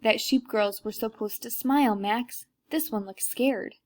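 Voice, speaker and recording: A woman reading aloud and voicing a scheming male art thief in a storybook, speaking in a hushed, sly way. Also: a little high, measured pace, natural voice.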